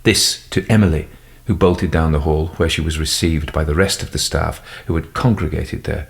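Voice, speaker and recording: A man narrating a classic detective story in a measured storytelling manner. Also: a bass voice, steady tone, gravelly. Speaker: audiobook narrator. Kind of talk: scripted narration.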